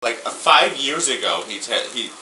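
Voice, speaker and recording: A man's voice: medium pitch, sing-song, normal speed, pushed and bright. A man in his thirties answering police questions in a flustered, defensive, rambling way, picked up from a distance on a bodycam. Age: 30s. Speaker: suspect being questioned. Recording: distant bodycam audio in an echoey room with noise.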